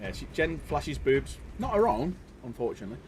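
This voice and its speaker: A man hosting a casual livestream, jokey and laughing often, with loud cheerful greetings. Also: medium pitch, sing-song, brisk, slight background noise. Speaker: livestream host.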